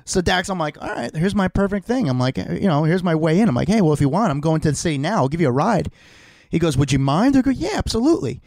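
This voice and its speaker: New guy, podcast co-host, fairly high voice, dry close mic, lively swearing storyteller. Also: fast talker, no room sound. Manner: animated, swears freely, acts out quoted voices. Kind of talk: casual storytelling chat. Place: home.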